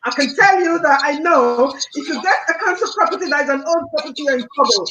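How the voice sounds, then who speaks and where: A woman's voice: high-pitched, expressive, brisk, a bit bright, reverberant, poor audio. A woman caller on a live call-in show, earnestly recounting a distressing personal dispute and sometimes near tears. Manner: distressed, earnest, repeats points insistently.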